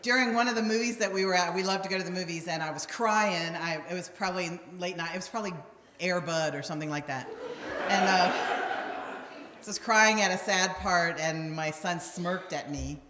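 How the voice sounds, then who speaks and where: A woman's voice: lowish voice, normal speed, a bit bright, a little hiss or hum. A middle-aged woman minister telling wry, self-deprecating stories in a conversational sermon, acting out the quotes. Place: church sanctuary. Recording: long church hall reverb.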